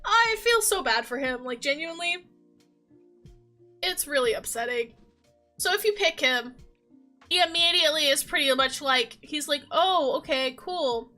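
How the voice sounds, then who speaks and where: High, bright young woman chatting animatedly. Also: normal speed, long pauses, faint music behind. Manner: animated, emotional, laughs often. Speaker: video creator. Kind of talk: casual chat.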